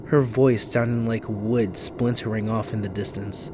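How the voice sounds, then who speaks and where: A man narrating a horror story in a measured, hushed storytelling manner. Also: on the low side, fairly even intonation, background noise. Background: faint background music.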